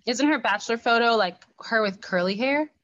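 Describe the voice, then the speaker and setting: A woman co-hosting a podcast in casual recap chat, animated and emphatic with quick asides. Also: a little high, no room sound, highs cut off. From not from New York. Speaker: podcast co-host.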